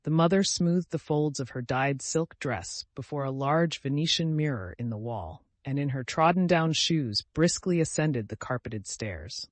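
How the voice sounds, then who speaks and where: A man narrating a classic novel in a steady, measured audiobook reading. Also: fairly high pitch, no echo. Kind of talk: scripted narration.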